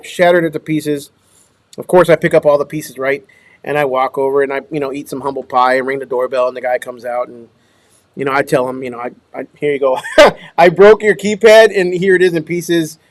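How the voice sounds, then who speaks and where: Speaking in a fairly high voice on a livestream, the Minnesota dumpster rental owner greets viewers by name and lets his sentences fade into mumbles. A small clip-on mic captures him with no echo.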